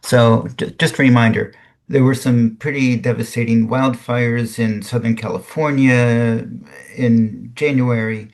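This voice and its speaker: A man hosting his own podcast, giving casual commentary on current articles in a halting, musing way. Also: mid-range voice, steady tone, vocal fry, darkish tone. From United States. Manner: musing, halting, with frequent restarts. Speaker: podcast host.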